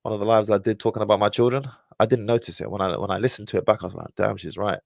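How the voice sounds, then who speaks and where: A man's voice: fairly low pitch, very fast, creaky, dry recording, clean studio sound. A man talking casually to his livestream viewers. He sighs often as he talks. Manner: animated, sighing often. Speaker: livestream host.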